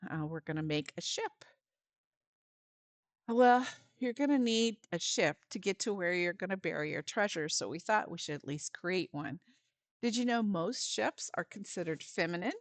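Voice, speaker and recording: A woman's voice: mid-range voice, dry recording. A woman volunteer giving a friendly step-by-step craft lesson for parents and children, with some fillers.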